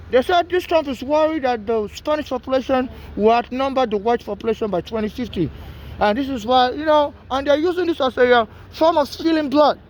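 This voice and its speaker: A man's voice: very high-pitched, a little hiss or hum. A man from Nigeria, making an urgent, rambling plea straight to camera about being homeless and mistreated. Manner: rambling, pleading, repeats himself.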